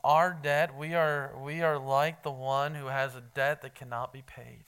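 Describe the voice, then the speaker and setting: Bright, clear-voiced male preacher. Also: mid-range voice, level tone, unhurried. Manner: conversational, quizzes the congregation, emphatic. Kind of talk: evening sermon with Bible reading.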